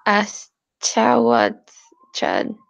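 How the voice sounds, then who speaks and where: A woman's voice: medium pitch, big pitch swings, very slow, creaky. A woman learning pronunciation who repeats words hesitantly and giggles at her own slips. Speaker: language student.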